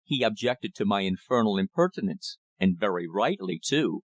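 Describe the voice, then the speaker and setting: A man's voice: lowish voice, moderate pace, no room sound, natural voice. Man doing a drawling country rector. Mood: calm, guarded. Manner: calm and guarded. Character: calm, drawling, thin-faced male country rector.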